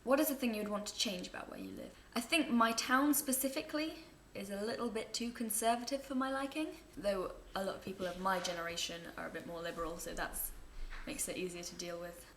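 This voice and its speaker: A chatty girl in her late teens talks to camera at home, wandering through her answers and amused by her own tangents. Her voice sits at an ordinary middle pitch for a woman. The room rings noticeably, with a faint hiss beneath it. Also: a little fast, few pauses. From England. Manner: chatty, rambling, self-amused. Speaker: vlogger answering viewer questions. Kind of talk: casual chat to camera. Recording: echoey room, faint background noise.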